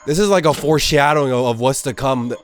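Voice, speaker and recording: A man giving excitable let's-play commentary as a gamer streaming a playthrough, swearing freely. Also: medium pitch, fast, a little hiss or hum.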